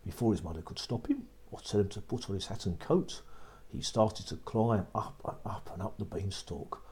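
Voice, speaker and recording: A man's voice: on the low side, mellow. A man narrating a children's story in a repetitive storybook manner. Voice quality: husky.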